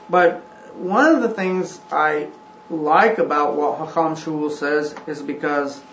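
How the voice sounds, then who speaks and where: A man teaching a scripture class. He talks haltingly, with frequent ums and restarts. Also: on the high side, a little hiss or hum. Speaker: religious teacher. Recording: roomy, dull recording.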